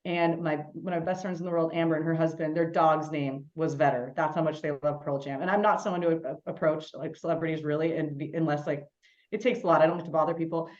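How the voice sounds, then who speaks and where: A woman co-hosting a podcast, an animated storyteller in casual chat. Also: sits low, muffled recording. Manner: animated storyteller, quick and chatty. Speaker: podcast co-host.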